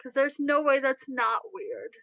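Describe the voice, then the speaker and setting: A woman narrating as game master of a tabletop role-playing game, describing scenes slowly and deliberately with hesitant pauses. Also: high voice, very animated, sharp tone, dull audio.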